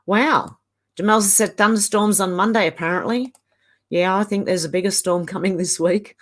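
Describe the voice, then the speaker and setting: A woman's voice: medium pitch, steady tone, moderate pace. An Australian woman in her fifties, hosting a casual live stream and chatting as she reads viewer comments aloud.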